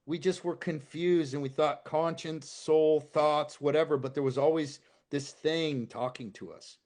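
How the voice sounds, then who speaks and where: A man's voice: a little high, steady tone, measured pace, a little mellow. A man talking as a guest on a casual podcast, impassioned and swearing freely, building to emphatic outbursts.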